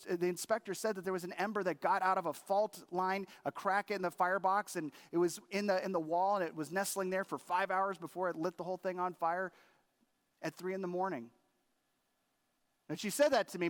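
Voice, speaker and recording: A man's voice: high voice, quick pace. A middle-aged man preaching a sermon as a pastor, telling a personal story earnestly and quoting himself and his wife in changed voices.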